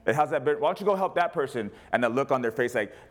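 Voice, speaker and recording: A man preaching as a pastor, animated, rising to loud cries and dropping to quiet asides. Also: medium pitch, fast, noisy background. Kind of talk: sermon.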